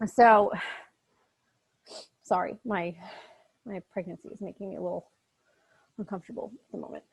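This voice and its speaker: A woman's voice: medium pitch, normal speed, gravelly, breathy edge. A woman in her thirties, a literature instructor, giving a recorded lecture on a short story. She talks in a casual, chatty way and makes frequent asides.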